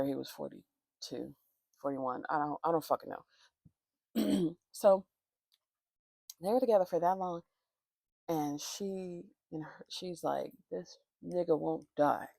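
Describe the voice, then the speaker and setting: A woman's voice: on the low side, vocal fry, darkish tone, dry recording, clean studio sound. A woman vlogger chatting casually, telling a rambling, profane, candid story with many restarts.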